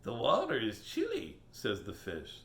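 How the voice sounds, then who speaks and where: Playful male host reading to kids, animated and jokey, roomy sound. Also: mid-range voice, a little slow. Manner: playful, joking asides and silly animal voices. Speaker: children's book reader. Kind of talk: reading a picture book aloud on video.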